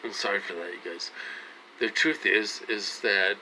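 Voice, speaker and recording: A man's voice: on the low side, measured pace, bright, forceful tone, slight background noise, low-quality recording. A man in his forties talking straight to his viewers, earnest and pleading, circling back to the same points over and over. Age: 40s. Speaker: vlogger. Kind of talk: casual direct-to-camera talk.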